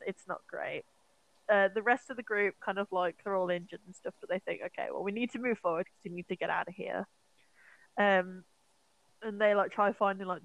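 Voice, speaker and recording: A woman's voice: fairly low pitch, no echo, muffled recording. A young woman co-hosting a podcast, casually retelling a film with lots of fillers, swearing and acted-out quotes. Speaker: podcast co-host.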